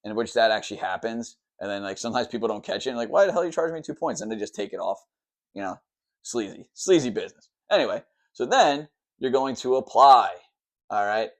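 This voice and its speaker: A man who works as a mortgage lender, explaining the loan process at a whiteboard in a quick, rambling way, always checking in with "okay" and "all right". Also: on the low side. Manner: says he talks fast and tries to slow down.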